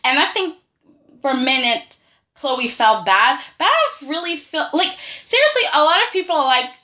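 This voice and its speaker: A woman hosting a casual soap-opera review vlog, animated and sassy, repeatedly pressing her point with "okay?". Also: high voice, moderate pace. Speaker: host.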